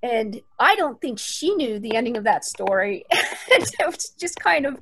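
A woman's voice: a little high, big pitch swings, a little slow, fairly bright tone, husky, rough recording. A woman co-host chatting casually and reminiscing with a laugh. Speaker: podcast co-host. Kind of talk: casual chat.

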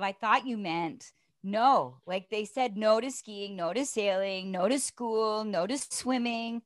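A middle-aged woman telling personal stories as an interview guest, earnest and animated, often asking "right?". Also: fairly high pitch, measured pace. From Canada. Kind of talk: conversational storytelling interview.

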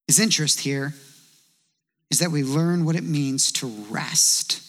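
A man preaching a sermon in a conversational, animated way, telling stories and quoting voices as he goes. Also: fairly high pitch, measured pace, big-room sound. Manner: conversational, animated storytelling with acted quotes. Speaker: pastor.

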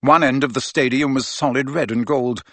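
A man's voice: medium pitch, fairly even intonation, moderate pace, fairly bright tone, no room sound. A man reading a novel aloud as a narrator, telling the story expressively. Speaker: audiobook narrator. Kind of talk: scripted narration.

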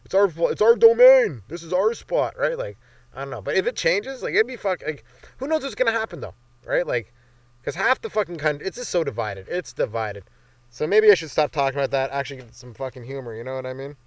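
A man's voice: on the high side, big pitch swings, fast talker, a bit bright, dry recording. Rambling, profane young man on a dry mic. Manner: loose, profane, rambling with lots of fillers. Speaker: comedy podcast host. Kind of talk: rambling stand-up style monologue.

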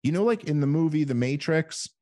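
A man speaking as a guest in a casual conversation, animated, acting out his own inner thoughts as he talks. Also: fairly high pitch, brisk, no echo, studio quality. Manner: animated storyteller, acts out inner voices.

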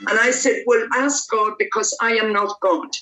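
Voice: medium pitch, steady tone, normal speed, sharp tone. A preacher leading fervent, repetitive prayer and preaching at a church service. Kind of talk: prayer and sermon. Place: church service, based near Dublin. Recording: echoey room.

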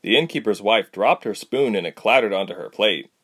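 A man narrating a storybook, reading with lively character voices. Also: lowish voice, brisk. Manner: very animated, expressive delivery. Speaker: audiobook narrator.

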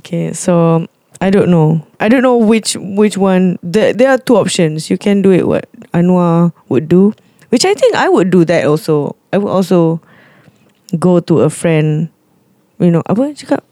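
A man's voice: high-pitched, animated, moderate pace, dark tone, no echo, studio quality. A young man with a Malaysian English accent, chatting candidly as a podcast co-host and slipping Malay words into his speech. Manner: candid, mixes in Malay words, restarts often. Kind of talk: casual chat.

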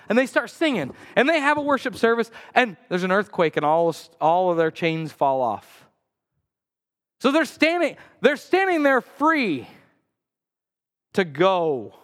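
A man preaching a sermon as pastor, telling a story with lively acted-out quotes and sudden loud cries. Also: a little slow, big-room sound. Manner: animated storytelling, acts out quotes with sudden high outbursts. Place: church sanctuary.

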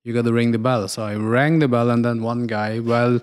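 A man co-hosting a casual podcast chat, talking in a halting way with frequent restarts and fillers. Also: medium pitch, steady tone, clean tone. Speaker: podcast co-host.

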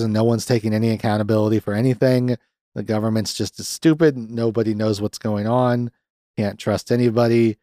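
A young male podcast host recaps a film, rambling, profane and sardonic, and jumps into quick raised voices to mimic the characters. His mid-range voice has a warm tone, recorded dry and at studio quality.

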